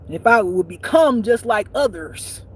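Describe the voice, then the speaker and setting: A woman's voice: animated, moderate pace, breathy edge, low-quality recording. Blunt, swearing woman preaching a spiritual rant. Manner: swings between loud exclamations and low muttering. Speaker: spiritual life teacher. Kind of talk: profane spiritual rant monologue.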